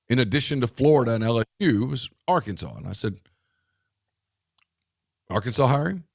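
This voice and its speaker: A man co-hosting a casual sports talk show, talking in an emphatic way with quick asides and restarts. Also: medium pitch, darkish tone, dry recording, clean studio sound. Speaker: podcast co-host.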